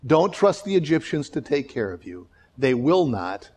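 A man's voice: mid-range voice, normal speed, slightly rough. A man preaching a sermon as pastor, telling stories and acting out the people he quotes, often restarting and repeating words. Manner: animated storytelling, acts out quoted voices.

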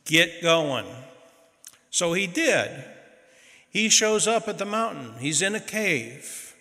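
A male preacher telling a story in a folksy, dramatic way. He speaks slowly, with a fairly high, bright voice. His words ring out into a long hall reverb. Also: big pitch swings. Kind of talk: sermon storytelling.

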